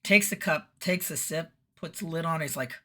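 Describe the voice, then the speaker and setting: A woman's voice: low-pitched, normal speed, pushed and bright. A middle-aged woman telling stories in a chatty monologue, laughing often and acting out the people in them. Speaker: vlogger giving weekly messages. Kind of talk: casual storytelling monologue.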